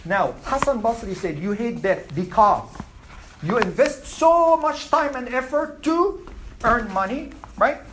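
A woman's voice: on the high side, expressive, unhurried, slight background noise, poor audio. A woman teaching an Islamic class, asking her students questions and repeating her points. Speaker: religious teacher.

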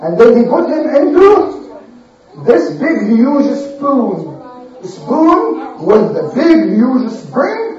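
A woman teacher telling a story to children in a classroom, animated and quizzing the class as she goes. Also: a little high, extremely slow. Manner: animated, asks the class questions. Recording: echoey classroom from far off, dull.

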